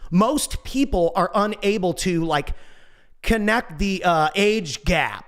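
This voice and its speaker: Casting: man in his 40s, high-pitched, loose motivational talker with a goofy streak. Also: takes it slowly. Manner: animated, goofy, swears casually. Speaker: motivational speaker. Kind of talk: motivational monologue.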